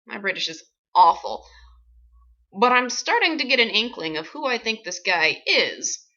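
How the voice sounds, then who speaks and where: Bright-voiced woman telling a wry story. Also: medium pitch, moderate pace, muffled recording. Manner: wry, animated, sarcastic asides. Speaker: actress. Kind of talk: comic personal storytelling.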